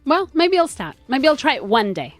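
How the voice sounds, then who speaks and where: A woman's voice: sits high, very animated, normal speed, no room sound, soft background music. A woman guesting on a casual chat show, easygoing and given to laughing, a little hesitant.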